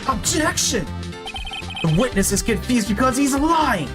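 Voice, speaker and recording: Woman gamer, animated, joking, slow-paced, game music underneath. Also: on the low side. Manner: animated, joking, swears casually. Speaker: gamer playing and voicing a story game. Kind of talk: casual let's-play commentary and reading aloud.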